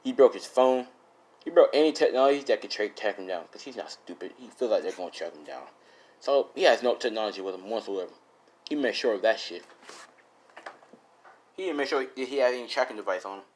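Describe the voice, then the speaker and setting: Young man, low voice, rambling fan story, casual, swears, self-correcting. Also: expressive, a little fast, darkish tone.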